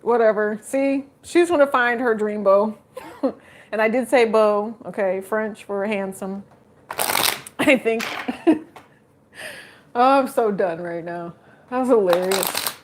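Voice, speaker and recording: A woman's voice: mid-range voice, slow pace, long pauses. Woman, tarot reader, easygoing, leisurely delivery, jokes and laughs with viewers, slight background noise. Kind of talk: casual live tarot reading.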